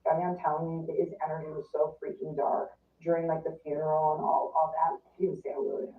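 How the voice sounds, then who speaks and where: A woman's voice: low voice, level tone, brisk, slight background noise. Woman guest rambling through a story, lots of "like", sounds far off and tinny in a roomy space. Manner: chatty, full of "like", acts out quotes. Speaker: interview guest. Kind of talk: casual storytelling interview. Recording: distant, roomy, phone-like sound.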